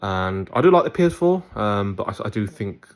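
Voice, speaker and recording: A man's voice: lowish voice, very animated, normal speed. A young man telling a rambling, chatty story to his viewers in a casual vlog. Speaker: YouTuber.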